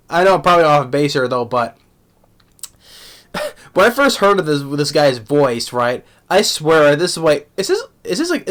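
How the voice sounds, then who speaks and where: A man giving a casual spoken anime review, halting with many restarts and repeated words, laughing often. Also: on the high side, fairly bright tone. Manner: laughs often while talking.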